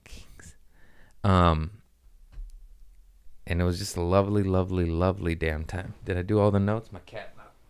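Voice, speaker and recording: A man's voice: low-pitched, steady tone, moderate pace, long pauses, clear, resonant tone, no room sound. A young man hosting a comedy podcast, telling loose stories in casual chat, swearing and doing playful voices.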